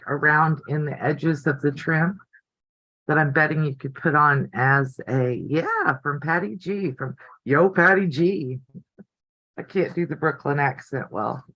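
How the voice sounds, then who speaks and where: A woman's voice: low voice, fairly bright tone, no room sound, dull audio. An older woman hosting a casual live stream from her home craft room, chatty and easily delighted. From United States. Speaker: quilting channel host.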